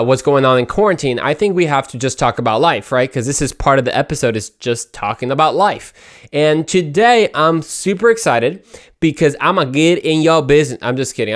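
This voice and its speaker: A young man hosting his own podcast, talking in an upbeat, chatty way with playful asides. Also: mid-range voice. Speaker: podcast host. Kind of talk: casual solo podcast monologue.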